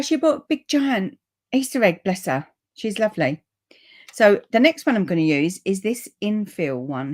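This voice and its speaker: A woman's voice: medium pitch, darkish tone. Chatty woman demonstrating crafts live. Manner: chatty, rambling, friendly asides to viewers. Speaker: papercraft demonstrator. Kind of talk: live crafting stream, reading viewer comments. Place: room upstairs at home.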